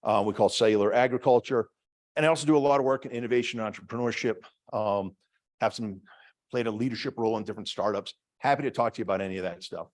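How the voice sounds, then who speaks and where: A man's voice: on the low side, quick pace. A middle-aged man with a Boston accent, a department head giving a chatty, self-deprecating talk to an audience, with many fillers and restarts. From Massachusetts. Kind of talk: lecture to an audience.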